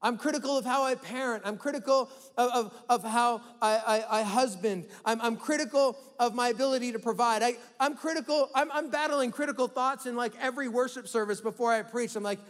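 A male pastor with an extremely high voice speaks a little fast, giving a conversational sermon in a church hall. He acts out quoted inner voices and repeats words often, with a long hall reverb and faint music behind him.

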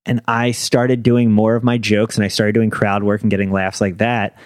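A man's voice: on the low side, little pitch movement, moderate pace, clean tone, no room sound, studio quality. A young man, a stand-up comedian, telling stories in casual chat and laughing through his anecdotes.

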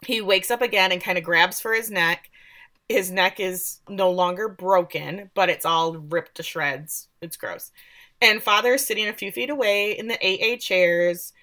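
A woman's voice: mid-range voice, moderate pace. Woman animatedly recapping a show. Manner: animated, laughing, acts out the lines. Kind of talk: casual chat recapping a show.

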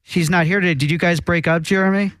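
A man's voice: high-pitched, fairly even intonation, fast, fairly bright tone, a little hiss or hum. A man hosting a casual comedy talk show, joking and rambling, often breaking off and restarting his sentences. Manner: joking, rambling, self-interrupting.

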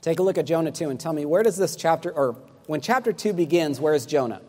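A man's voice: fairly high pitch, expressive, quick pace, a little mellow, big-room sound. A man preaching a sermon to a congregation, emphatic and questioning, asking listeners to answer back. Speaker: pastor.

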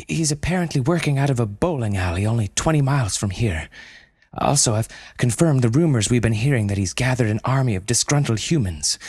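A man's voice: mid-range voice, darkish tone, breathy edge, dry recording, clean studio sound, voice pushed up. A man voicing a proud, bitter female panda widow who speaks formal, slightly broken English in a told story. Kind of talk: storytelling audio drama.

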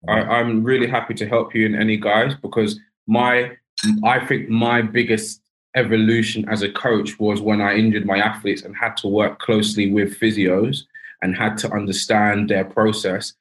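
A man's voice: fairly low pitch, level tone, normal speed, a bit bright, low-quality recording. A man who is a sprint coach, speaking as a podcast guest in emphatic, enthusiastic bursts. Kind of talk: podcast interview.

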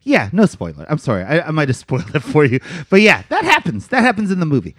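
A man talks casually, swearing and throwing in "dude" and "man" as he tells a story. His pitch leaps around. The recording is dry and close. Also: quick pace, no echo. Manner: animated storytelling with big pitch swings. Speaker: podcast co-host. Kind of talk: casual chat.

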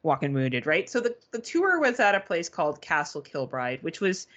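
A woman's voice: low-pitched, big pitch swings, moderate pace, fairly bright tone. A woman co-hosting a podcast, telling a story in casual, profane chat and mimicking beeping gadgets. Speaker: podcast co-host.

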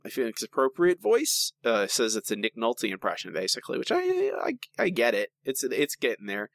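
A man's voice: mid-range voice, huge pitch swings, moderate pace, creaky, no room sound. A man co-hosting a podcast in casual chat, talking in an opinionated, rambling way with lots of restarts. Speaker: podcast co-host.

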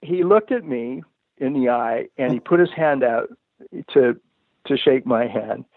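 A man's voice: medium pitch, animated, a little slow, dry recording. A man telling a long personal story in a casual, rambling way, often restarting sentences and saying "you know". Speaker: guest telling a life story. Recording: tinny phone-line sound, dry.

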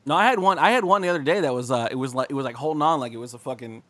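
A man's voice: medium pitch, rapid-fire, fairly bright tone. A young man co-hosting a comedy podcast, telling crude, rambling stories full of swearing. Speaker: podcast co-host. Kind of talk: casual comedic chat.

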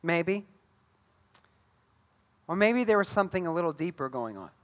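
A man with a high, light voice delivers a sermon to his congregation. He tells the Bible story with animated energy, slipping into the voices of the people in it. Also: moderate pace. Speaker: pastor.

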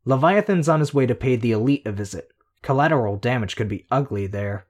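A man voicing a sardonic teenage girl in an audiobook, lifting his voice slightly and talking quickly. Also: medium pitch, expressive, darkish tone, close to an everyday voice. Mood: wry. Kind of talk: audiobook character voice.

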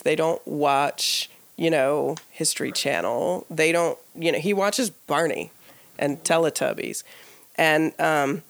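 Gravelly lower-voiced woman telling a story. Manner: animated, laughing, lots of "like" fillers, acts out quoted dialogue. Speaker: podcast co-host. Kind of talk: casual storytelling. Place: live podcast taping before an audience.

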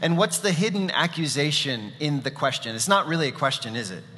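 A male pastor with a slightly high, bright, forceful voice delivers a sermon in a casual, storytelling way, full of fillers and asides. His words ring out with a long reverb, as in a large church sanctuary. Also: expressive, brisk, a little hiss or hum.

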